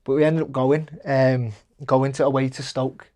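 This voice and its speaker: A man's voice: medium pitch, level tone, normal speed, darkish tone. A young man, a guest telling stories in casual podcast chat, rambling with fillers and restarts. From England. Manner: rambling, with many fillers and restarts, acting out quoted voices, laughing often. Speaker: guest, professional boxer.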